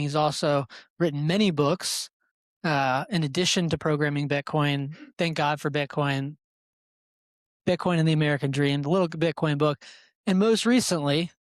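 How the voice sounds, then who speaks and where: A man's voice: fairly high pitch, no echo. A young adult man introducing a live panel in a casual, chatty way, with many fillers and restarts. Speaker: event host and moderator.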